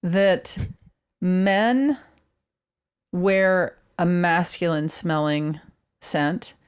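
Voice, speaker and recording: A woman's voice: fairly low pitch, steady tone, very slow, clean tone. A woman hosting a podcast in casual chat, dry and musing in manner. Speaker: podcast co-host.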